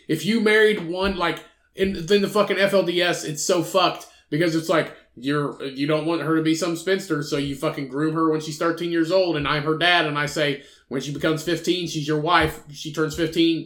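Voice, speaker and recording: Brief: male podcast co-host, swearing rants over a read-aloud story, somewhat high voice. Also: steady tone, fairly bright tone. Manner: profane, ranting, quick bursts. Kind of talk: casual chat, reading a news story aloud.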